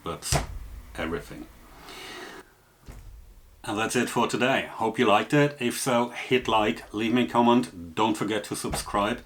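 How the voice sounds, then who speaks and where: A man's voice: lowish voice, unhurried, long pauses, a bit bright. A man walking through a photography and photo-editing tutorial step by step, explaining as he goes with frequent fillers. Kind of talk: screen-recorded software tutorial.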